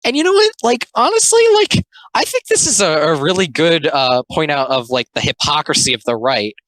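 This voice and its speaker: With big pitch swings and a fairly bright tone at medium pitch, a young adult video commentator offers rambling, casual comic commentary in an echo-free but rough recording. Sarcastic asides and "like" fillers abound, along with occasional quick, mocking character voices.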